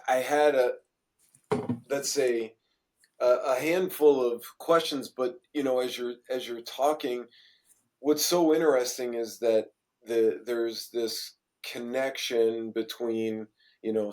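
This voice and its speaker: A man hosting a podcast who is also a coach, talking thoughtfully in a casual interview with many halting restarts. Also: mid-range voice, steady tone, darkish tone.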